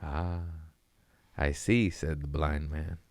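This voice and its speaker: Man comedian, deep smooth voice, rambling profane storyteller, dry close sound. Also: fairly even intonation, slow, darkish tone, no echo. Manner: profane, rambling, laid-back. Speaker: stand-up comedian hosting his own show. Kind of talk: casual storytelling chat.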